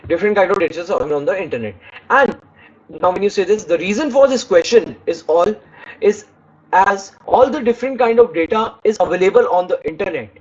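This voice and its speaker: A man's voice: high-pitched, expressive, brisk, lo-fi sound. A man giving an online speaking lesson, demonstrating tones by reading lines aloud and stopping to correct himself. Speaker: English speaking teacher.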